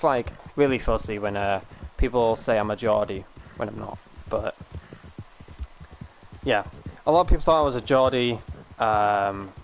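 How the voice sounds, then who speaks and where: A man's voice: mid-range voice, slight background noise, rough recording. A British man from the UK chatting casually on a live stream, rambling, swearing and laughing easily.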